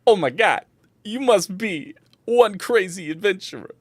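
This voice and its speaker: A woman voicing an excitable male tavern bartender who gushes with astonishment. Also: unhurried, husky, no echo. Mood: gushing. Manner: gushing, astonished, high-pitched.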